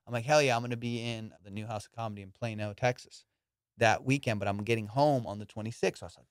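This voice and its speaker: A man hosting a casual comedy podcast, telling profane, animated stories about boxing. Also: mid-range voice, quick pace, smooth, no echo, studio quality. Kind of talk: casual storytelling chat.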